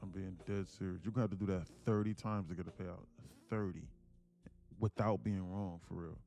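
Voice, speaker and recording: A man's voice: sits low, steady tone, fairly quick, gravelly, dark tone, soft background music. A man hosting a live trading stream, giving blunt, informal coaching to viewers. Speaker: day-trading livestream host.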